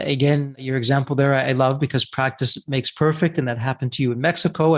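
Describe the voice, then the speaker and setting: A man from the United States hosting a podcast interview, affirming his guest and asking curious questions. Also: mid-range voice. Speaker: podcast host.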